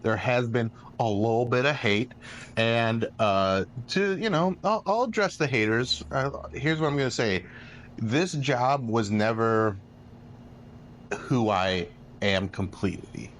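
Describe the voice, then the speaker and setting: A man's voice: mid-range voice, lively intonation, unhurried, a bit bright, a little hiss or hum. A man, a radio host and comedian, chatting casually on a podcast and restarting his sentences often. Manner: rambling, repeats words when starting sentences.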